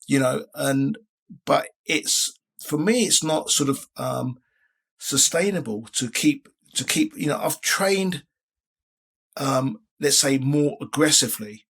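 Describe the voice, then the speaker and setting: A man's voice: medium pitch, lively intonation, slow, vocal fry, fairly bright tone, husky. A man around sixty, a guest in a casual interview, talking in a rambling way with many restarts. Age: 60s. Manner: rambling, frequent restarts and filler phrases.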